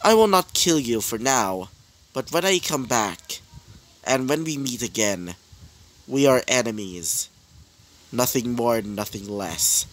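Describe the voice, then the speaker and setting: A man voicing a vengeful young woman villain, cold and menacing, speaking slowly in drawn-out threats. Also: mid-range voice, lively intonation, a bit bright.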